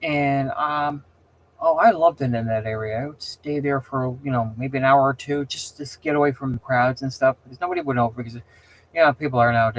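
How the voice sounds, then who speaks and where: A middle-aged man, hosting a casual chat with viewers, rambles and offers opinions while often stumbling and restarting his sentences. He talks fairly quickly at a medium pitch, and the audio is poor.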